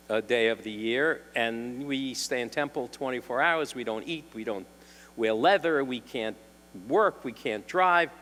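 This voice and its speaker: An older man with a New York accent, a defense attorney telling wry anecdotes to a symposium audience, clearing his throat now and then. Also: mid-range voice, fairly bright tone. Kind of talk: storytelling talk. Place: lecture hall. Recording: long hall reverb.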